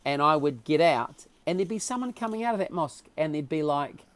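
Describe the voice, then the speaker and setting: Animated New Zealand man telling a story. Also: a little high, fairly quick, hardly any pauses. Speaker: podcast guest. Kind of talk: casual interview storytelling.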